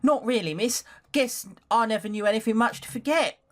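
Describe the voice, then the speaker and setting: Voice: medium pitch, a little fast, pitched above the performer's own voice, lightly acted. A player reading a visual novel aloud, voicing a poor, plain-spoken young maid with a put-on Northern English accent. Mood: homely. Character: cheerful poor scullery maid girl.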